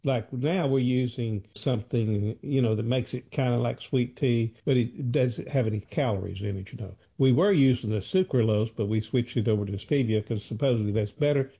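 A man's voice: mid-range voice, moderate pace, creaky, few pauses, warm tone, slightly rough. A man telling rambling, folksy stories in casual chat.

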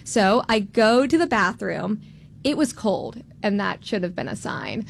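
A woman in her twenties from Florida, telling a personal story on stage in a candid, self-deprecating, animated way. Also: medium pitch, measured pace, creaky, a little hiss or hum. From Tampa, Florida. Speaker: storyteller, law student.

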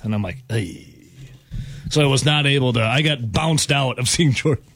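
A man's voice: mid-range voice, moderate pace, a bit bright, dry recording. A man, hosting a radio show and telling a story in casual chat, laughing as he goes.

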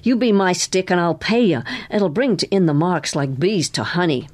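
A woman's voice: lowish voice, lively intonation, normal speed, a little mellow. A woman reading aloud, voicing a pushy male carnival barker who talks in a brash, coaxing way. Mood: persuasive.

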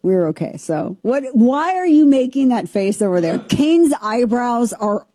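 A woman in her forties from Southern Missouri, co-hosting a casual talk show and telling a family story with lively, joking asides. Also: fairly high pitch, unhurried. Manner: animated, jokey, talks over herself. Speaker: show co-host.

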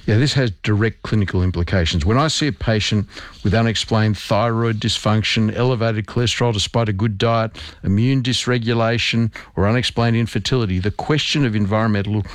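Low-voiced doctor explaining research. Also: male voice, a little fast, dry recording. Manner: explanatory, emphatic with medical terms. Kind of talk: medical interview.

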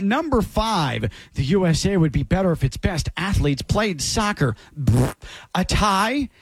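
Sarcastic high-voiced man ranting. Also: no room sound. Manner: mocking, sarcastic rants. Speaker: co-host. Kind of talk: casual sports radio banter.

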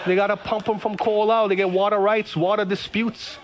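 A man, a pastor preaching an energetic sermon full of personal stories. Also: sits high, background noise. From Hawaii. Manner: energetic, storytelling with dramatic pauses.

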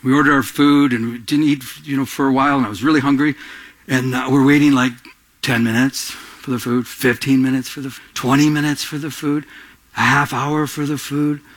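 A man preaching a sermon to a congregation, animated, swinging between soft and raised delivery and acting out little scenes with quoted voices. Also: medium pitch, a little fast. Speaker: pastor.

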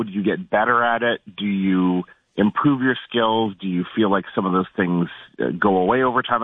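A man's voice: lowish voice, dry recording. Curious male caller on a tinny phone line. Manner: friendly, curious, piles up questions. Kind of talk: phoning in to a radio show.

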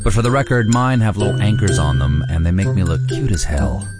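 Give me a deep, dry male voice for a promo over loud music. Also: a little fast. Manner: dry, joking. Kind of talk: recorded promo.

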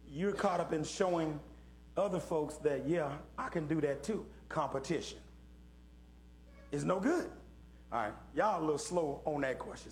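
A middle-aged Bible study teacher with a voice on the high side leads an interactive lesson for young people. He asks questions and calls on listeners in a folksy, preaching style. Slight background noise can be heard.

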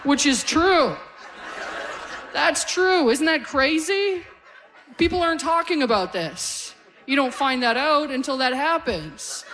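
A woman's voice: high voice, lively intonation, slow pace, fairly bright tone. A middle-aged woman doing a stand-up comedy set, telling family stories and acting out the people in them. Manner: storytelling, acting out family members in quotes. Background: audience laughter.

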